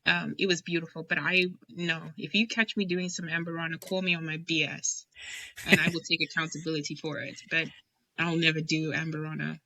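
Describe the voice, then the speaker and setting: A woman's voice: low voice, level tone, fairly quick, sharp tone. A woman guest on a casual podcast interview, talking emphatically and with enthusiasm about blending whiskey. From United States.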